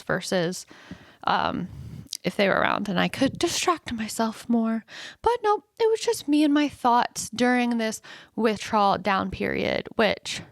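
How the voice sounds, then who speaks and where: A woman's voice: medium pitch, no room sound, studio quality. A woman hosting a podcast alone, talking candidly and casually with many fillers, and swinging into dramatic tones when she quotes her own thoughts. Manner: chatty, candid, self-deprecating with frequent fillers. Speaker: podcast host. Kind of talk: casual solo podcast monologue.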